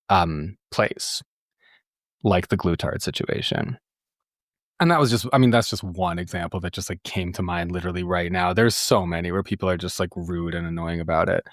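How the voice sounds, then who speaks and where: A man's voice: on the low side, no room sound, clean studio sound. A man who is a therapist and podcast host, talking candidly and casually, full of fillers and the odd swear word. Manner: chatty, candid, peppered with "like" and swearing. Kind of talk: casual solo podcast talk.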